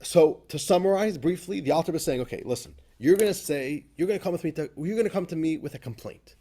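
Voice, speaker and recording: Animated male rabbi teaching a class. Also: a little high, fast talker. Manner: rises to loud emphatic bursts when quoting, laughs often; repeats words and restarts phrases while thinking. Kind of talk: animated Torah class lecture.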